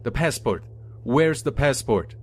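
A man's voice: on the low side, moderate pace. A man voicing a large, drunk, mocking male thug who roars his demands. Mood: roaring. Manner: slurred, roaring.

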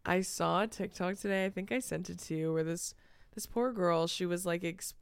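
A young adult woman co-hosts a casual podcast, laughing often and tossing in swear words. Her voice sits a little low and sounds very clear. The recording is dry and close. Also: moderate pace, dry recording. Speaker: podcast co-host. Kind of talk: casual chat.

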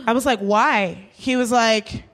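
A woman co-hosting a live comedy show, telling an animated story and acting out the quotes. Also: fairly high pitch, moderate pace. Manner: animated, acts out quotes, laughs often. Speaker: comedy podcast co-host. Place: live stage before an audience.

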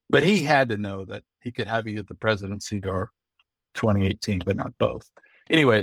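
A middle-aged American man, a guest on an interview, telling lively anecdotes and acting out the dialogue he quotes. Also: on the low side, no echo. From United States. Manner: lively storyteller who acts out quoted dialogue. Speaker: guest, Olympic bid consultant.

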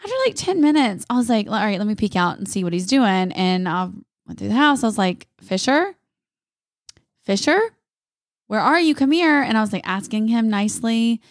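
A young woman is chatting on a podcast and telling a lively story. She speaks at an even middle pitch. Her voice is dry and close, with almost no room sound. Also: brisk, dry recording. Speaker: podcast co-host. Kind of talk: casual chat.

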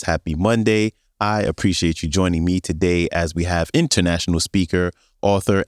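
A male podcast host reading a measured, clearly announced show introduction. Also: deep voice, no room sound, studio quality.

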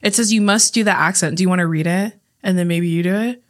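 A woman hosting a casual chat in a relaxed way, calling her co-host "dude" and reading out listener submissions. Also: fairly low pitch, fast.

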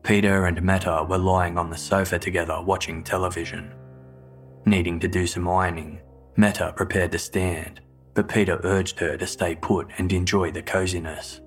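A man giving measured, scripted true-crime narration. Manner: low, flat, measured delivery. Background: faint music.

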